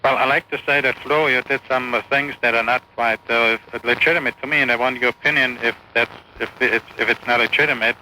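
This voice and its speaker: A man's voice: mid-range voice, steady tone, fairly quick, hardly any pauses, pushed and bright. Hesitant rambling male radio caller. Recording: hissy AM radio phone call.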